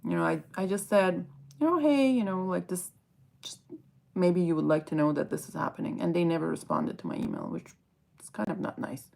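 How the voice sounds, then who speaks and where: Woman, low voice, gravelly fry, casual livestream chat, reads and answers comments. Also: big pitch swings, brisk, a little mellow. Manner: chatty, reads out viewer comments and answers them. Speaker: fragrance livestream host. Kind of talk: casual live chat reading viewer comments.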